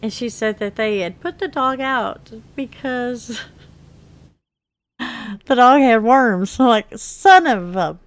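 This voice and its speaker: A woman's voice: a little high, animated, takes it slowly, no room sound. A woman hosting a gaming video, casually telling a personal story while she plays, laughing often and acting out the quotes with big jumps in her voice. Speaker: gaming channel host.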